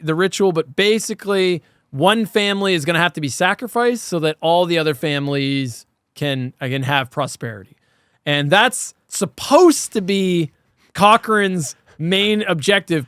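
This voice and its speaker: A man co-hosts a casual podcast about horror films, speaking in a fairly high voice. He talks animatedly and swears freely. The recording is close and dry. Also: clean tone, no room sound. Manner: animated, profane, laughs while talking. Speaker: podcast co-host. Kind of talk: casual horror film review chat.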